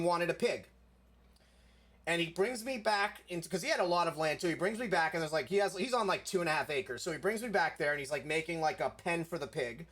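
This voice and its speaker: Young man, casual storyteller, filler-heavy and loose, voice a touch higher than average. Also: a bit bright. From South Florida.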